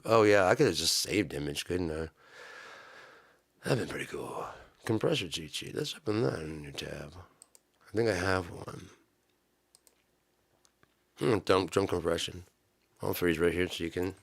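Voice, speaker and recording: A man doing a comedic ranting gear review. He swears a lot and swings from low muttering to loud shouting. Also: moderate pace, vocal fry.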